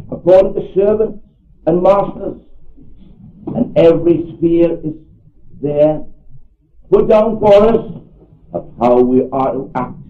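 An older man preaching a sermon, earnest and emphatic, repeating key phrases for stress. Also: fairly high pitch. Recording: echoey hall over a tinny phone-like line.

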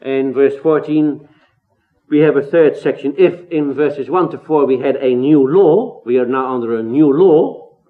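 A man with a mid-range, slightly slow voice preaches an expository sermon, earnest and emphatic. He poses rhetorical questions and builds to rising exclamations. The audio sounds tinny, like a phone.

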